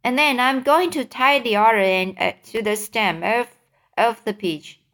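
A woman voicing a young boy who calmly explains his plan in a storybook reading. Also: on the high side, unhurried. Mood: determined. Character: young boy, calm and determined.

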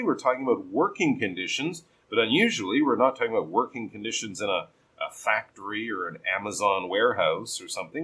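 A man teaching pronunciation, giving patient feedback on a learner's reading and modelling sentences slowly with strong stress. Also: on the low side, sharp tone, breathy edge, low-quality recording.

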